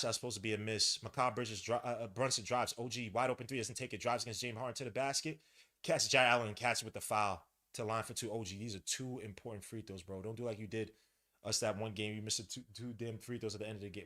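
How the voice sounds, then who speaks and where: A man hosting a casual live watch-along of a basketball game, slangy and swearing, shouting at big plays and muttering at bad ones. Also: mid-range voice, a little fast. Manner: excitable, swings from loud hype to muttered grumbling. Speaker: podcast host. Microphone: headset mic.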